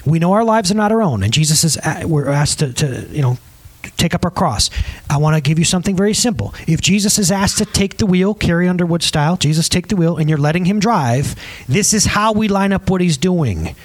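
A man pastor in his thirties preaching a conversational, emphatic sermon with audience asides and a slightly husky voice. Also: on the high side, expressive, fairly quick.

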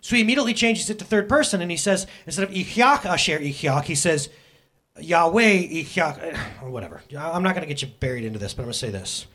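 A man's voice: on the high side, expressive, racing, few pauses, a bit bright. A man preaching a casual sermon in church, joking and addressing the congregation directly. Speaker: pastor. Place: church sanctuary.

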